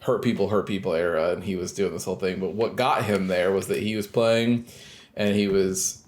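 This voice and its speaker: A man's voice: low voice, fairly even intonation, fairly quick, darkish tone. A man co-hosting a podcast, telling a funny story and acting out what others said. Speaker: podcast co-host. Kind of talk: casual chat.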